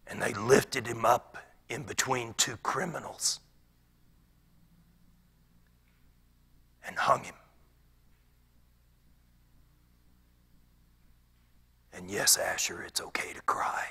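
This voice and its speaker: A pastor playing a former rebel turned peaceful wood carver in a dramatic monologue, his gravelly voice often sinking to a whisper. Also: medium pitch, moderate pace, heavily acted. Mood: sorrowful. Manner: storytelling that swings from hushed whispers to loud outbursts.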